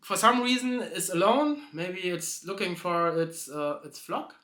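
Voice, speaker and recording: A man's voice: high voice, measured pace, sharp tone, echoey room. A man telling a joke in a rambling, hesitant way, constantly correcting himself and restarting. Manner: hesitant, self-correcting, many fillers and restarts. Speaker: video host telling a joke.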